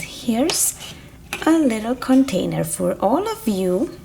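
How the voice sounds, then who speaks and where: A woman's voice: medium pitch, sing-song, a little slow, gravelly, mellow, slight background noise. A young woman narrating a toy farm play for children, sing-song and full of animal sounds.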